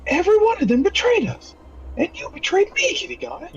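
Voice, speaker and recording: A shrill, whiny adventurer complains at a very high pitch, as a man puts on the voice. It is a comic tabletop game character voice, thin and lo-fi through a call. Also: very animated, fairly quick, creaky, slight background noise, exaggerated voice. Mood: betrayed. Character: squeaky indignant male adventurer.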